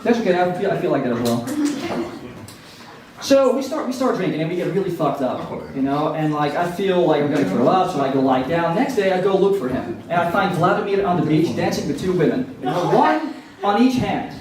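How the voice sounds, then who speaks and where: A man's voice: sits high, animated, a little fast. A man doing a stand-up comedy set, telling self-mocking stories with acted quotes, in a café with a live audience. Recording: echoey room, distant mic, crowd laughter.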